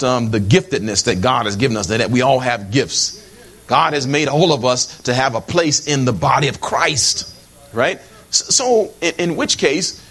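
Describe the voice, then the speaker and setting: A middle-aged man preaching with a fairly high voice that keeps swinging up and down. He jokes with the congregation and talks to them directly, stumbling over and repeating words as he builds his point. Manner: animated and humorous, with frequent asides to the congregation; repeats words and restarts phrases while preaching. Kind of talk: sermon.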